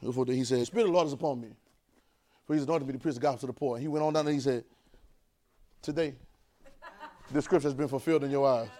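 A man's voice: medium pitch, racing, pauses often. Man preaching with call-and-response. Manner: call-and-response, repeating lines, swinging from soft to loud. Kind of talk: sermon.

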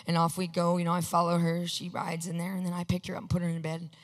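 A preacher telling a personal story in a sermon, animated, acting out what people said and asking for amens. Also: medium pitch, fast talker, in a large hall. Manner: animated, acts out quotes, asks the congregation for amens.

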